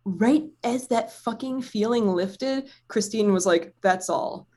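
A woman telling a personal story in casual chat, animated and swearing freely, with lots of "like" fillers. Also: on the high side, slow pace.

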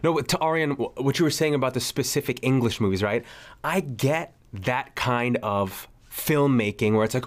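A man's voice: medium pitch, moderate pace. A young man co-hosting a podcast who rambles and searches for his words. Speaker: podcast co-host, actor. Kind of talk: casual podcast chat.

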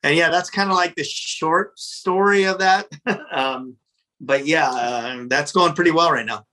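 Restaurant owner guy, bright punchy voice, fired up and cursing, talking from his office. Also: on the high side, unhurried. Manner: animated, profane, repeats words when worked up. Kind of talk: casual storytelling in an interview.

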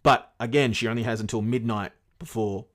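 A man's voice: lowish voice, fairly even intonation, a little fast, fairly bright tone. A man casually retelling a fairy tale to his podcast co-host, rambling and swearing along the way. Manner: rambling, swears often, many fillers.

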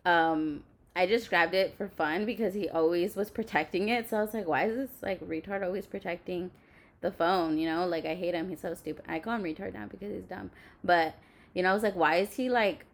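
Speaking fairly quickly in a lowish voice, a young podcast host candidly recounts a personal story. She's blunt about it, with heavy swearing and lots of fillers.

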